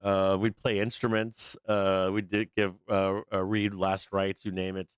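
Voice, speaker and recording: A hoarse man hosting a live trading show, giving loose, profane, rambling market commentary on a close microphone. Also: deep voice, flat delivery, a little slow, no room sound. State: hoarse, losing his voice.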